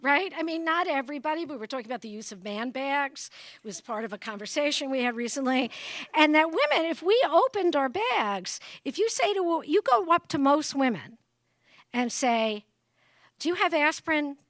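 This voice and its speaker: A woman's voice: high voice, very animated, normal speed, fairly bright tone, no echo. Witty woman giving a comic speech. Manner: comic storyteller, checks in with the audience; jumps into exaggerated voices for quotes. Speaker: guest speaker at an exhibit opening. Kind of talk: humorous public address.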